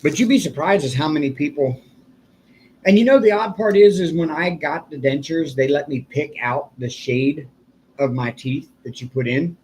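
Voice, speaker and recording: A man's voice: fairly high pitch, moderate pace, darkish tone. Rambling older man with a faint room hum. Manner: rambling storyteller, chuckles often. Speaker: livestream host. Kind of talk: casual live-stream chat.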